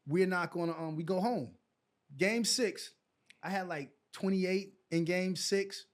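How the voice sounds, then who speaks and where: A middle-aged man telling stories in a casual interview, acting out the exchanges he recalls. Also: sits high. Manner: animated storyteller who acts out quoted exchanges. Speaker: guest, former pro basketball player.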